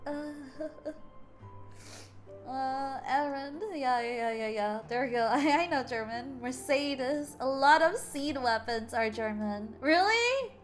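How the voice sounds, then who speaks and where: Young woman, high voice, game streamer, reads dialogue aloud, stumbles and laughs, faint music behind. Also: slow pace. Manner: stumbles over words and laughs often; animated storytelling.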